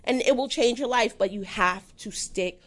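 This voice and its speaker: Here a woman talks at normal speed while appearing casually as an interview guest. Lively and quick to poke fun at herself, she regularly switches into high voices to imitate others.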